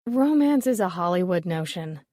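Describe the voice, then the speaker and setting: A woman's voice: lowish voice, lively intonation, moderate pace, mellow, dry recording. A woman reading the lines of a blunt, dismissive middle-aged woman appraiser in an audiobook, with a dry, offhand delivery.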